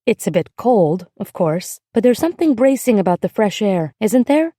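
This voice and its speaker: A woman narrator voicing a gentle, kindly young woman from next door who speaks softly to a child. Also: mid-range voice, sing-song, normal speed, no echo, clean studio sound. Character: gentle, glamorous young American woman neighbor.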